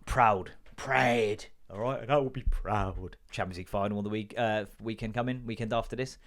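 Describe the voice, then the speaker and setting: A man's voice: fairly low pitch, a little fast. A man, telling stories in a sweary solo comedy podcast rant and acting out the people he quotes. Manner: sweary, animated storytelling with acted quotes. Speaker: podcast host.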